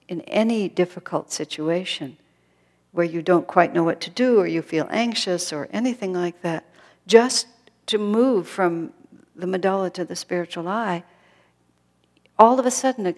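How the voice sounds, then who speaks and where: A woman giving a thoughtful spiritual talk, dropping to a hush when she quotes others. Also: fairly low pitch. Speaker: spiritual teacher. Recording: long reverb of a hall.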